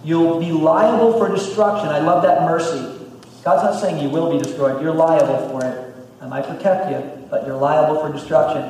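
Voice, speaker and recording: A man preaching a sermon as pastor, emphatic, repeating phrases and swinging between loud and hushed. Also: a little high, fairly even intonation, a little fast, slight background noise. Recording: echoey hall, distant mic, faint ambience.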